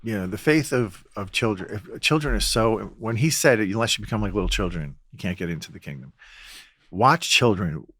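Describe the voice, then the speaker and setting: A man, a Catholic priest, telling stories in a relaxed podcast conversation and acting out the voices he quotes. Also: on the low side, moderate pace, husky, no echo, studio quality. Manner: storytelling, acts out quoted voices. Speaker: Catholic priest and exorcist guest.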